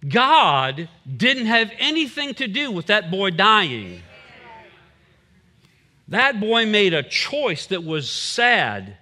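Male pastor, bright high voice, slow deliberate sermon delivery. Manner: animated, acts out quoted voices.

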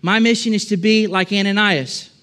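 Male preacher, high voice, conversational sermon building to emphatic repeated phrases. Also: fairly even intonation, normal speed, sharp tone. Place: church with a balcony.

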